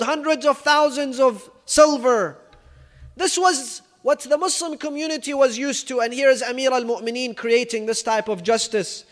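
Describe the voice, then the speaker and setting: A man's voice: very high voice, fairly bright tone, long reverb tail. A man giving a storytelling sermon, speaking emphatically and peppering his telling with Arabic phrases. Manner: emphatic storyteller, acting out quoted speech, rich in Arabic phrases. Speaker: religious speaker.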